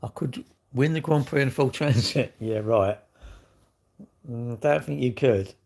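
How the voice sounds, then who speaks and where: A man's voice: mid-range voice, unhurried, gravelly, background noise. A middle-aged man, chatting casually on a livestream in a rambling, blunt way with lots of slang. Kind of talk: casual livestream chat reading viewer comments.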